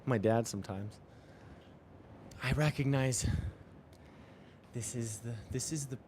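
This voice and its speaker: Riding his bike through the rain, this young man talks slowly in a mid-range, somewhat dark voice over slight background noise. It's a reflective spiritual vlog, delivered earnestly, with phrases he keeps repeating to himself.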